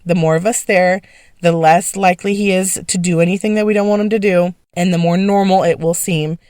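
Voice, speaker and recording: A woman's voice: on the low side, clear, resonant tone, no echo, studio quality. A woman telling a personal story in a casual, emphatic way, speaking as an interview guest. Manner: emphatic, animated, fast-talking.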